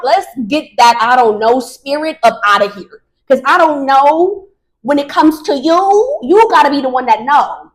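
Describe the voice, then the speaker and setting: A woman around thirty hosting her own podcast, talking casually and off the cuff in an animated, slangy way with laughs. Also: high-pitched, unhurried. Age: 30s. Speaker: podcast host. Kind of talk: casual solo podcast monologue.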